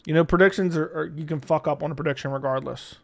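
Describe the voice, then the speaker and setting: A man's voice: on the high side, steady tone, fast, creaky. A man hosting a live stream, reading chat and ranting in a heated, profane way. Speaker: livestream host.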